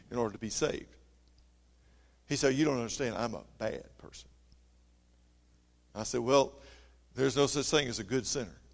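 A man preaching a sermon, reading scripture loudly and dropping to a soft, intimate voice for a story. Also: mid-range voice, vocal fry.

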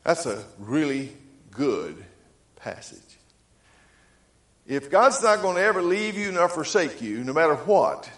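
A man's voice: fairly high pitch, very animated, unhurried, long pauses, fairly bright tone. A male pastor preaching a sermon in a folksy storytelling way, acting out the voices in his stories. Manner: folksy storytelling, acts out dialogue. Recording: echoey room.

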